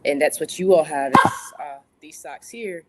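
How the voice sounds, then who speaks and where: Low-voiced woman chatting eagerly as a guest. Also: normal speed, very noisy. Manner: eager, chatty, laughs easily. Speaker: guest, product founder. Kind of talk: casual interview answers.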